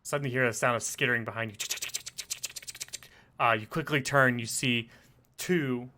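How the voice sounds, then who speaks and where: A man running a tabletop game as game master, narrating the scene in a relaxed way with frequent fillers. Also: medium pitch, normal speed.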